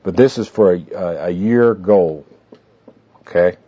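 With a deep, warm, slightly rough voice, a man unhurriedly walks a small group through a goal-setting handout. His informal classroom talk rambles folksily with fillers, asides and anecdotes, and the tape recording is dull and lo-fi.

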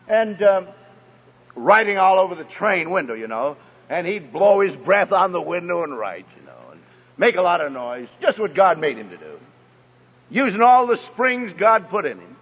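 A man with a high, husky voice delivers an emphatic sermon-style talk and speaks directly to his audience. His words ring through a reverberant hall on a dull, lo-fi recording. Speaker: speaker addressing parents. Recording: echoey hall, dull lo-fi sound.

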